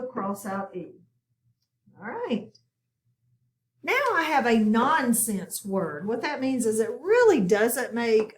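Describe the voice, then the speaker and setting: A woman's voice: a little high, roomy sound. A woman teaching a recorded phonics lesson, explaining each step patiently and plainly.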